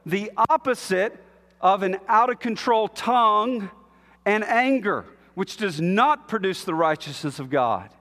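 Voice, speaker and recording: A man preaching a sermon as a pastor, measured and emphatic, with long pauses between phrases. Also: high-pitched, animated, a bit bright, long reverb tail.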